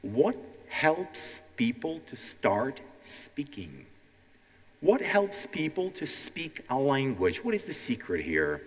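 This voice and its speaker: Lively animated man teaching in a hall. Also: mid-range voice, takes it slowly. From Ukraine. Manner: animated, teacherly, keeps checking in with "okay?". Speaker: language teacher and show host. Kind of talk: live educational stand-up with audience. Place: large hall before a live audience. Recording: long hall reverb.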